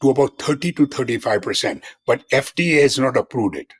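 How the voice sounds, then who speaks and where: A man's voice: medium pitch, animated, a little fast, slightly rough. An older man in his seventies, a physician guest in a conversational interview, who explains in an earnest way and repeats key terms.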